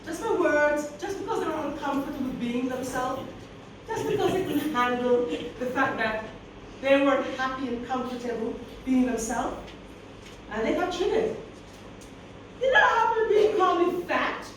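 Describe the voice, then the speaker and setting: A woman's voice: sits high, lively intonation, normal speed, slight background noise. A woman giving a motivational keynote to teachers, sassy and preacher-like, calling out to her audience in a school hall. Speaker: keynote speaker. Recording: very echoey hall recorded from a distance.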